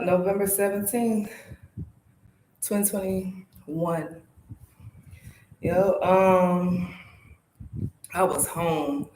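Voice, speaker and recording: Speaking in a low voice, a South Carolina woman who vlogs about motorcycles shares an emotional, profanity-filled story in a relaxed home setting. The echoey room recording carries a slight hiss or hum.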